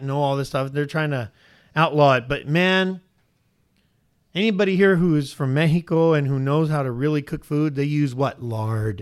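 A man preaching a sermon to a congregation, animated and questioning, his pitch rising sharply on points of emphasis. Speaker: pastor.

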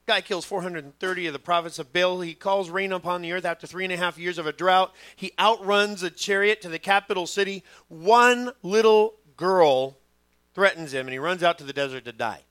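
A middle-aged man preaching a sermon as pastor, telling stories with lively quoted voices. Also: high-pitched, fairly quick, clear, resonant tone, no room sound. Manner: animated storytelling, acting out quoted voices.

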